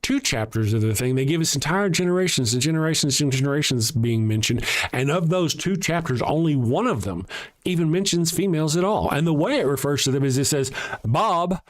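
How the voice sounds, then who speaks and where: A man's voice: fairly high pitch, expressive, a little fast. A man hosting a livestream alone, reading chat comments aloud and answering them in a blunt, sarcastic, profane rant.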